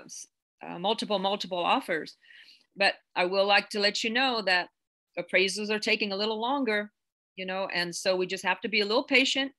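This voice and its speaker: Bright-voiced woman teaching agents. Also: medium pitch. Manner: earnest, chatty, many fillers and restarts; gets emotional, close to tears. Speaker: real estate agent teaching a class. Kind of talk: live online class.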